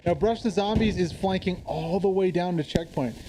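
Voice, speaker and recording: A man giving casual live commentary on an online war game match, chatty and quick to laugh. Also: high voice, background noise. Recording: game gunfire and explosions behind.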